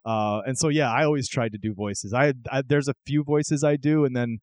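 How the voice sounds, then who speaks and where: A man's voice: mid-range voice, steady tone, brisk, no room sound. A man hosting a casual chat, talking in a reflective, rambling way with frequent restarts. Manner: chatty, reflective, lots of restarts.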